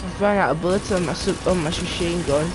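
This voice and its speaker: A woman with a Geordie accent streaming a shooter game, chatting casually with friends and letting out excited exclamations. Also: lowish voice, quick pace, heavy background noise. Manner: swears freely, excitable exclamations. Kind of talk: casual gameplay chat.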